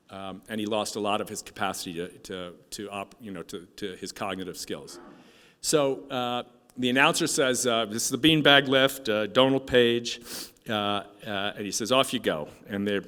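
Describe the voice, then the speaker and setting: A man giving a heartfelt speech at a conference, telling a story with halting restarts and fillers, his voice sometimes dropping soft with emotion. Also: lowish voice. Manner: moved, voice dropping soft at times. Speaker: keynote speaker. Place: conference hall. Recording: hall reverb from a stage speech.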